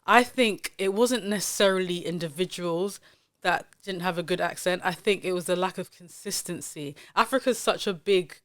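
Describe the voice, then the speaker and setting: A woman's voice: fairly low pitch, normal speed, fairly bright tone. A woman hosting a casual podcast chat, talking in an opinionated, emphatic way, with plenty of fillers. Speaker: podcast host.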